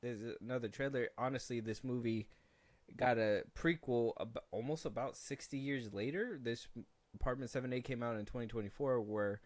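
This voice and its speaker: Man, podcast host, casual chat, joking, rambling, mid pitch, dry close sound. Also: moderate pace, no echo.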